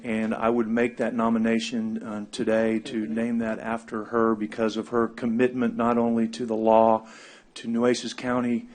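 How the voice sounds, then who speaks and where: A man speaking as a county commissioner at a public meeting, halting with many fillers as he makes a motion. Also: mid-range voice, completely flat delivery, a little mellow. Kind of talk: formal meeting remarks. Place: government meeting.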